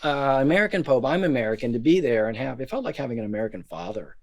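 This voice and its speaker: Man guest, lively storyteller who shouts out lines, voice leaps high and low. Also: fast talker. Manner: animated, exclaiming and laughing while telling a story. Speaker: podcast guest. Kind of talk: excited storytelling.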